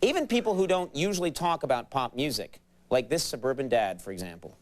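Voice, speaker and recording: Wry late-night host, lively voice. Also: male voice, mid-range voice. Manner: quick, wry, deadpan-teasing. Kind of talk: comedy monologue and sketch banter. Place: TV studio before a live audience. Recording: studio audience and background noise.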